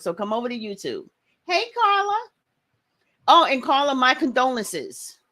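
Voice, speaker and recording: Fast-talking woman hosting a livestream. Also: fairly high pitch, pushed and bright. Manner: fast-talking, greets viewers by name. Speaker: livestream host. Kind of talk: casual livestream chat.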